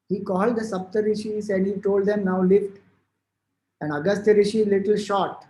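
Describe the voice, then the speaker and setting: A man with an Indian English accent, acting as a spiritual teacher, explains scripture and retells old stories in a loose, explanatory devotional discourse, using fillers and restarting sentences. His voice is high-pitched and mellow, and the recording has a roomy echo.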